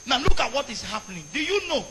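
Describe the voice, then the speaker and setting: A man with a Nigerian accent giving a fiery sermon-style rant, often shouting and slipping into pidgin. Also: very high voice, big pitch swings, fast talker, in a large hall, very noisy.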